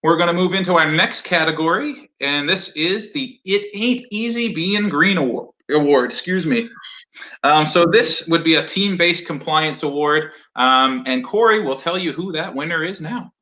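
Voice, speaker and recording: Upbeat guy hosting office awards on a video call, kinda high voice, joking around. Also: normal speed, sharp tone. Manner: jokey, upbeat, loose with fillers. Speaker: awards co-host. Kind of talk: casual virtual award show.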